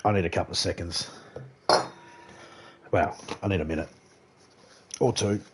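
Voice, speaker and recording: A man's voice: low-pitched, steady tone, moderate pace, over loud music. A man with an Australian accent live-streaming a video game, chatting casually with viewers and making crude jokes. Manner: crude, joking banter, chuckles between lines.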